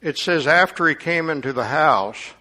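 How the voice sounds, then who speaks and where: A man's voice: fairly high pitch, lively intonation, normal speed, sharp tone. A man preaching a sermon, reading scripture aloud and commenting on it with rising emphasis.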